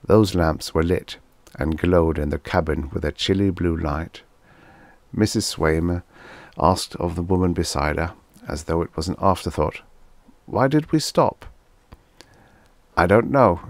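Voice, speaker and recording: Deep gravelly male audiobook narrator. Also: fairly even intonation, unhurried, no echo. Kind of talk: scripted narration.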